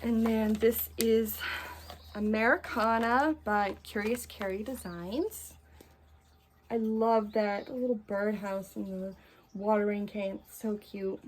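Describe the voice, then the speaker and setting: A woman's voice: mid-range voice, steady tone, slow pace. A woman chatting casually in a cross-stitch vlog, gushing and full of fillers, a little out of breath. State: a bit out of breath. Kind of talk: casual chat.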